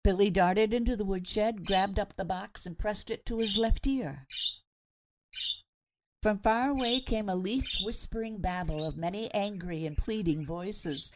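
A woman, a radio host, reading a story aloud in a measured, expressive narration. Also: mid-range voice, a little hiss or hum.

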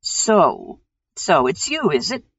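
A woman doing a gruff old hag of the woods. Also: fairly low pitch, big pitch swings, takes it slowly, exaggerated voice. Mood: knowing. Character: old hag guarding a crag, blunt, knowing. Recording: dull lo-fi recording.

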